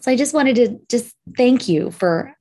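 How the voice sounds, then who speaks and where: A middle-aged woman co-hosting a podcast, telling an animated story in casual chat and swearing now and then. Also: fairly high pitch, measured pace. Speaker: podcast co-host.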